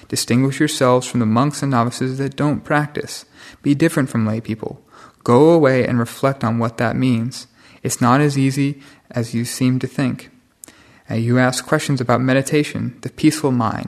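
A man, a senior monk, giving a stern, plain-spoken Dhamma talk to monks and novices. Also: mid-range voice.

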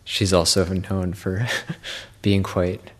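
A male Buddhist monk giving a Dharma talk in a halting way, often repeating words and pausing with fillers. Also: sits low, little pitch movement.

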